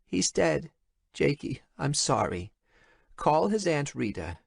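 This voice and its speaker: A man putting on a trembling, hushed mother. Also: on the high side, big pitch swings, slow, vocal fry, breathy edge, no echo, studio quality, voice pushed up, exaggerated voice. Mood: shaken. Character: soft-spoken grieving older mother on a phone call.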